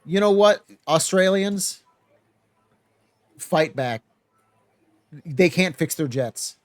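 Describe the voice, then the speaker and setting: A man co-hosting a gaming podcast, chatting casually in an excitable, teasing way. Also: sits high, slow pace, no echo. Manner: excitable, teasing, bursts of loud laughing. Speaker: podcast co-host. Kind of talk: casual chat.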